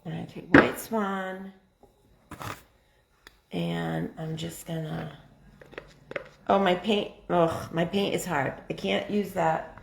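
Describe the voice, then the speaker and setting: Woman, slow unhurried talk, excitable craft-stream host, chatty, noisy background. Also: lowish voice, creaky, roomy sound. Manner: chatty, excitable, thinks aloud. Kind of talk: casual live craft demo.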